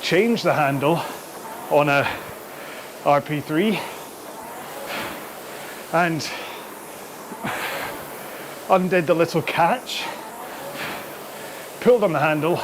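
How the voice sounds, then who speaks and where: A man's voice: on the high side, slow pace, long pauses, noisy background. A man hosting a live rowing workout, chatty and out of breath between sprints, on a throat-worn microphone in his home studio. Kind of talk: live follow-along workout chat.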